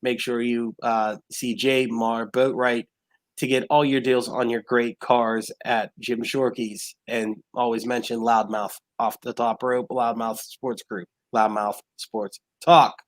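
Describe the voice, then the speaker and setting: Ranting slow-talking male wrestling show host. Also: mid-range voice, little pitch movement. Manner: ranting, heated outbursts with rhetorical questions; rambling, many "uh" fillers. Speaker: sports talk show host. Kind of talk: casual wrestling talk podcast.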